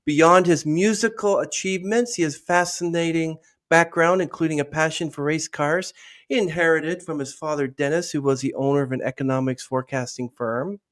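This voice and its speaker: A man's voice: on the high side, fairly even intonation, normal speed, fairly bright tone. A man hosting a podcast, reading out a guest introduction with emphatic asides and then welcoming the guest. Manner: emphatic, breaks in with asides to his co-host. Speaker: podcast host.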